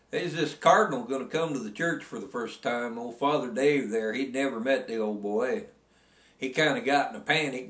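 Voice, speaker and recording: A man telling a dirty joke in a folksy drawl, jumping into high voices for the people in it. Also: fairly bright tone. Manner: folksy drawl, quick jumps into high voices for the quoted characters. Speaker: joke teller. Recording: echoey room from a distance.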